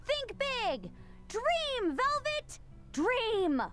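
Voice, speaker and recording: A woman's voice: very high-pitched, sing-song, very slow, music in the background, full character voice. Niko, a bubbly girl. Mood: cheerful. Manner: gushing, playfully teasing. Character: bubbly teenage village girl, sweet and upbeat. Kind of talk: game voice acting.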